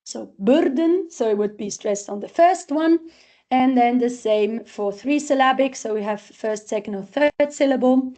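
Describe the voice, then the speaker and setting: A woman's voice: on the high side, moderate pace, dark tone. A woman researcher giving a talk, walking step by step through examples of her assessment tool. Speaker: researcher presenting a literacy tool.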